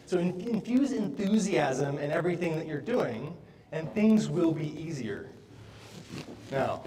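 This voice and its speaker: Heard from far off in an echoey auditorium, a man with a higher-than-usual voice delivers a motivational stage talk. He's an animated storyteller who keeps tossing in checks like "right?".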